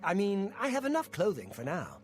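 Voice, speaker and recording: A man's voice: high voice, wildly swooping pitch, brisk, faint music behind. An actor voicing a nervous, timid male fence who speaks hesitantly and apologetically.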